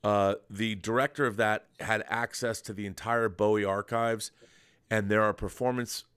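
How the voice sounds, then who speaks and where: A man's voice: fairly low pitch, fairly even intonation, normal speed, fairly bright tone, clean tone. A middle-aged man hosting a podcast, chatting casually and enthusiastically about films, rambling with restarts. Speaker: podcast host. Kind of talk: casual film chat.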